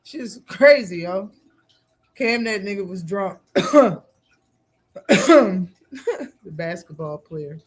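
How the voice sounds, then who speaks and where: A man's voice: sits high, expressive, extremely slow, pauses often, husky. A man hosting a live boxing talk stream, reacting casually with slang and frequent laughter.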